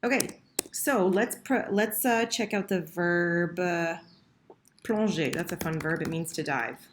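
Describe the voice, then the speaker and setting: There's background noise behind this woman's fairly low, unhurried voice. She walks through French verb conjugation on a screen recording, typing while talking, patient and quick to correct herself.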